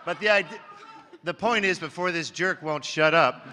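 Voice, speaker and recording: A man's voice: fairly high pitch, normal speed, background noise. A man on a convention panel, joking with the crowd in a crass, boisterous way, teasing and mock-insulting them. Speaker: panelist, film producer. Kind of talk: brash comic convention banter. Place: large convention hall, live panel. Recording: echoey convention hall with faint ambience.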